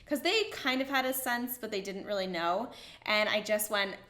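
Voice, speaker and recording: A young woman chats to the camera in an eager, gushing voice, her words peppered with "like." Her tone is bright and forward. The sound carries a noticeable room echo. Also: medium pitch, normal speed. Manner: gushing, excited, with frequent "like" fillers. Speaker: vlogger. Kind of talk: casual storytelling to camera.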